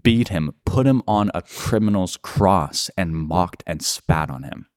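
Earnest young-sounding man, very deep voice. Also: animated, measured pace, darkish tone, dry recording, studio quality. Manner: earnest, repeats "like" and "right?". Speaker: podcast co-host. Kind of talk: casual faith discussion.

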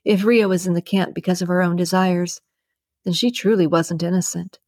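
A woman narrating a dramatic novel in a measured, even reading. Her voice sits low, and the recording is dry and close with no room sound. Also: no room sound. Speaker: audiobook narrator. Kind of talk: scripted narration.

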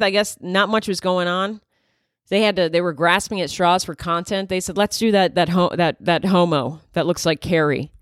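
A woman's voice: lowish voice, dry recording, studio quality. A woman in her thirties, a comedian hosting her own podcast, riffing in a wry, candid monologue full of asides. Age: 30s.

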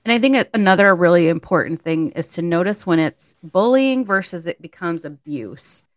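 A woman's voice: on the low side, expressive, moderate pace, no room sound. A woman co-hosting a casual chat, a chatty storyteller who laughs often. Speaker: podcast co-host.

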